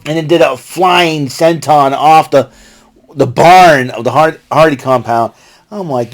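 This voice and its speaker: A man's voice: fairly high pitch, a little slow. A man casually recapping a wrestling show, rambling with fillers and often breaking into laughter. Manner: watching a ball game while talking.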